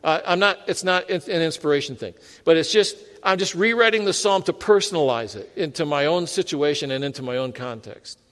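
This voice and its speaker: Male pastor, sermon delivery; higher register, conversational, self-deprecating humor; reverberant sanctuary. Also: a little fast, hardly any pauses, fairly bright tone. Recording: long hall reverb.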